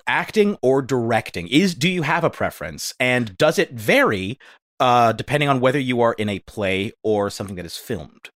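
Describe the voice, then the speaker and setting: A man's voice: mid-range voice, expressive, moderate pace, fairly bright tone, no echo, studio quality. A man co-hosting a casual chat, laughing often as he tells stories and asks questions. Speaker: podcast co-host.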